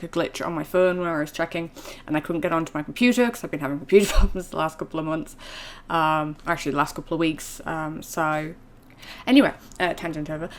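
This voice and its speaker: A woman chatting casually to her viewers in a vlog, rambling with plenty of fillers. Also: on the low side. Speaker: vlogger.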